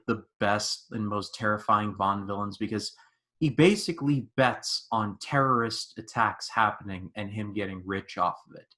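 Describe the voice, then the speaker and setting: A man in his twenties hosting a podcast, chatting casually and animatedly about movies with plenty of "like". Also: fairly low pitch. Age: 20s. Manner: animated storyteller, lots of "like". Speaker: podcast host. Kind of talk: casual movie review chat.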